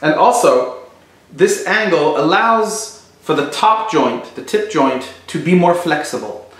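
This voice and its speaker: A man's voice: fairly high pitch, animated, takes it slowly, a bit bright. A man teaching flamenco guitar technique, explaining thoughtfully and searching for his words. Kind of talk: instructional explanation. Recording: very echoey room.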